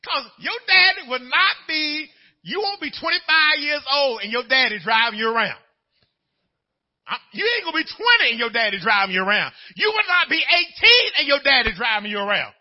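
A pastor preaches in a very high, lively voice, his pitch swinging widely as he slips from a folksy family story into shouted preaching. The recording sounds dull and lo-fi. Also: moderate pace. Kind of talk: sermon.

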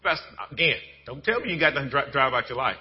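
A man pastor preaching a sermon in a folksy, conversational way, dropping to low murmurs and then building to shouted bursts. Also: animated, quick pace, husky, muffled recording.

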